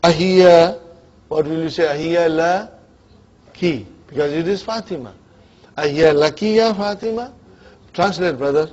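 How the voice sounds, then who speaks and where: A man's voice: on the high side, normal speed, long pauses, darkish tone. A man teaching an Arabic grammar class, quizzing students and checking they follow. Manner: mixes English with Arabic grammar terms. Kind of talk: classroom lecture. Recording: dull lo-fi classroom recording.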